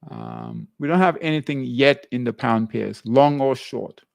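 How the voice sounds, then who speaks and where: A man teaching a live trading class, working through charts slowly with long pauses. His voice has a gravelly fry, and the sound is dry and close with little room. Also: medium pitch, wildly swooping pitch, a little mellow, no echo. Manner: halting, repeats "all right" between currency pairs. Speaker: trading show host.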